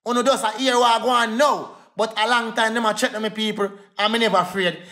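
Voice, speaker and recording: A man's voice: sits high, steady tone, fast talker, bright, forceful tone. A young Jamaican man in a heated livestream rant, defiant and repetitive, calling out to his viewers.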